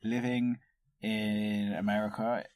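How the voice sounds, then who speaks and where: A man's voice: fairly low pitch, level tone, takes it slowly, darkish tone, dry recording. A man from London with a London accent, a photographer guest telling loose, chatty stories with casual swearing in a podcast interview. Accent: London English. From London, England.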